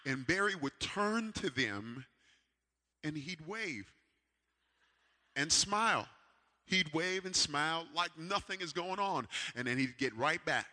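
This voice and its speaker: A man preaching a sermon with a personal story, animated, swinging from loud calls to hushed asides. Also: a little high, big-room sound. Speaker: pastor.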